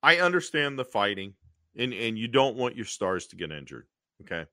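A man co-hosting a podcast, recapping an old TV episode in an animated way, acting out the characters' lines and often clearing his throat. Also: lowish voice, normal speed, no room sound, clean studio sound. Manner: animated storytelling, acting out quotes in funny voices. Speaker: podcast co-host.

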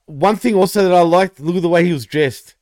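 A man with a slightly high voice co-hosts a casual wrestling chat, joking and teasing his partner. His voice sounds dry and close, with no room around it. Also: fairly quick, a little mellow, dry recording. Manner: joking, teasing, laughs often. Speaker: podcast co-host.

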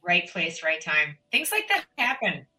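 Bright-voiced chatty woman podcast host. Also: fairly low pitch, measured pace, poor audio. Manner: chatty, animated, rambling. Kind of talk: casual interview chat.

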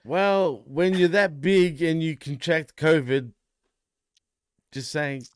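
A man's voice: on the high side, slow. Wry, teasing wrestling podcast man. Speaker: podcast co-host. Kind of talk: casual wrestling review chat.

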